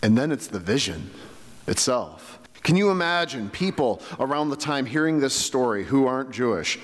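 A man's voice: mid-range voice, animated, normal speed, long reverb tail. A man preaching a sermon as pastor, in a conversational way full of rhetorical questions. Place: church sanctuary.

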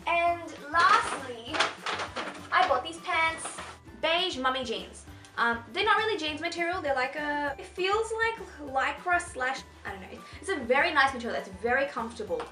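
A woman's voice: sits high, lively intonation, moderate pace, pushed and bright. A young woman chatting casually through a fashion haul, bubbly and gushing as she talks to camera. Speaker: fashion vlogger. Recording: echoey room with faint music.

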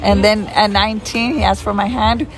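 A woman's voice: mid-range voice, fairly even intonation, moderate pace, over music. A woman in her fifties casually telling a story in a restaurant, acting out both sides of old conversations. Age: 50s. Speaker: interviewee telling how she met her husband.

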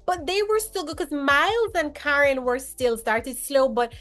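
A woman with a high, bright-sounding voice chats casually as a co-host. She talks in an animated, emphatic way and hops from one thought to the next. Faint music plays underneath. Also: measured pace. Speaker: co-host of reality TV chat. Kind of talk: casual chat.

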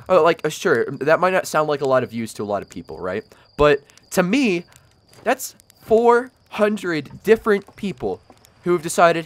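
A young man giving casual let's-play commentary, excitable and stammering over restarts, yelping when startled. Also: a little high. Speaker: gaming YouTuber.

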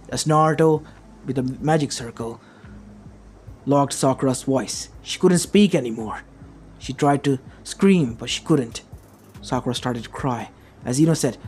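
A man's voice: mid-range voice, normal speed, darkish tone. Man reading a fan story aloud. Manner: run-on, loosely strung sentences. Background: faint background music.

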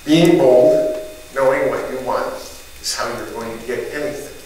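A middle-aged man giving a motivational talk to a live group, an animated storyteller who acts out the people in his story and shouts their lines. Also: mid-range voice, moderate pace. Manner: animated storyteller acting out neighbors with loud shouted voices. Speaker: motivational speaker. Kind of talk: storytelling keynote speech. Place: event hall in front of a live group. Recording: distant echoey hall recording with noise.

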